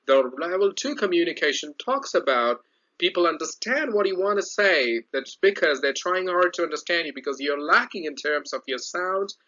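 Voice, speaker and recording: A man giving a slide-based lesson on speech clarity, explaining in a repetitive, lively way. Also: a little high. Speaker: English speech trainer. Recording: dull lo-fi audio.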